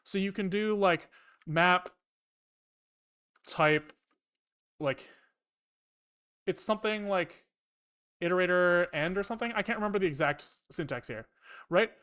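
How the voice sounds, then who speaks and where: High-voiced man ranting casually while coding. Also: measured pace, pauses often, clean tone. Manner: chatty, profane, animated ranting. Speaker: programmer streamer. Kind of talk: casual live coding stream chat.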